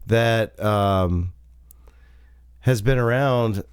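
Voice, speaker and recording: A man's voice: lowish voice, very slow, clear, resonant tone, no room sound, clean studio sound. A man from the United States co-hosting a podcast, telling stories in a meandering, easygoing way. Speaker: podcast co-host. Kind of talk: casual chat. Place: his home, indoors.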